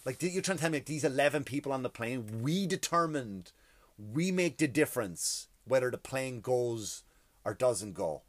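A man's voice: medium pitch, expressive, moderate pace, a bit bright, no echo. Brief: a male comedian hosting a podcast, rambling and swearing, mid-range voice, dry close sound. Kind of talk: profane comedic monologue.

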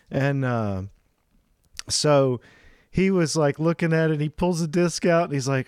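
A man's voice: fairly high pitch, normal speed, darkish tone, smooth, dry recording, studio quality. A man co-hosting a casual chat, telling a long anecdote and voicing the people in it. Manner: rambling anecdotes with acted-out quotes.

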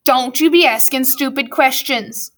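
A woman voicing a grumpy, cruel middle-aged male orphanage schoolmaster who speaks slowly and gruffly. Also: high voice, fairly bright tone.

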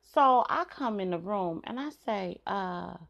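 A woman's voice: mid-range voice, animated, a little slow, gravelly, a bit bright, dull audio. A middle-aged woman, hosting a podcast and telling stories bluntly with frequent swearing and laughs. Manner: blunt, swears freely, laughs between points. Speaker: podcast host. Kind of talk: candid storytelling monologue.

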